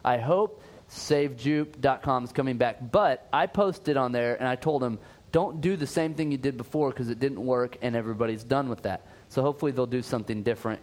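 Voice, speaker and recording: A man co-hosting a podcast in loose, comedic chat. He rambles and jokes, circling back to explain small details at length. His voice sits at an ordinary middle pitch. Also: fairly quick. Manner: rambling, jokey, over-explains. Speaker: podcast co-host.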